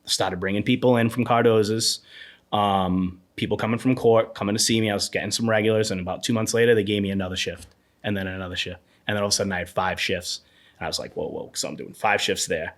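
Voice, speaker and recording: Man, 30s, slightly low voice, casual podcast guest, animated rambling storyteller. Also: fast talker. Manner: animated, rambling anecdotes with frequent fillers.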